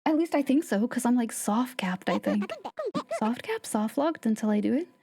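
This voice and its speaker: A woman streaming a game live, chatting playfully with viewers and slipping into soft whispered asides. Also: on the high side, animated, moderate pace, noisy background. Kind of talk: casual live-stream chat. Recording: game music playing behind the voice.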